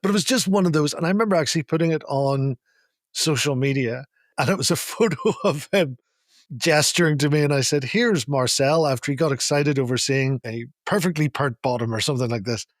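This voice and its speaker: A man co-hosting a podcast, telling an animated taxi story with laughs, in a casual chat. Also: on the high side, fairly quick, no echo, clean studio sound. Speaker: podcast co-host.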